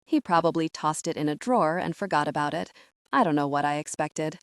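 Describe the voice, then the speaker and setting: A woman narrating a first-person romance audiobook in an expressive, conversational storytelling manner, recorded on a close studio mic. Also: sits low, brisk, dry recording.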